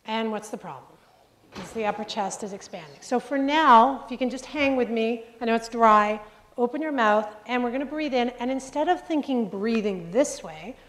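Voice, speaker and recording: A woman coaching a group through breathing exercises in a live workshop, upbeat, joking and directive. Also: fairly high pitch. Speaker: presentation skills coach. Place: large room with a group. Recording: reverberant hall sound.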